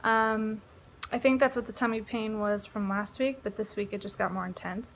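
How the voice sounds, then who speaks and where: A woman's voice: mid-range voice, fairly even intonation, normal speed, a little hiss or hum. A pregnant young woman vlogging in a casual, rambling chat, laughing often.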